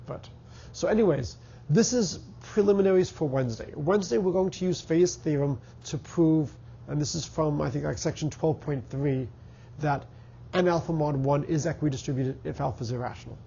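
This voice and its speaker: A middle-aged math professor with a Boston accent gives a university lecture in a lecture hall, thinking aloud with fillers and restarts. His voice is a little high, creaky and mellow, and it sounds stuffy and congested at a moderate pace. The recording has its highs cut off and carries a slight hiss or hum.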